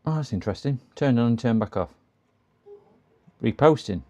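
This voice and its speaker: A man's voice: medium pitch, animated, moderate pace, darkish tone, muffled recording. A man casually talking through a computer repair on a live stream, muttering to himself and chatting with viewers. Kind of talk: casual running commentary while working.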